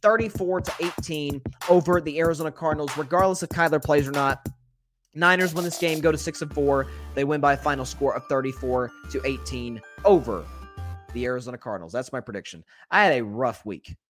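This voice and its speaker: A man with a fairly bright voice on the high side does a solo sports talk podcast, with faint music in the background. He's candid and opinionated, speaks to listeners as folks, and chats casually, quickly fixing his own words.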